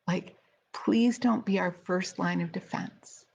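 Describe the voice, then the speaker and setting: Chatty middle-aged woman with a gravelly edge. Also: fairly low pitch, slow, a little mellow. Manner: chatty, with frequent fillers and restarts. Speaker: speaker trainer hosting a weekly live video. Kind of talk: casual spoken storytelling. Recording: slightly dull, lo-fi sound.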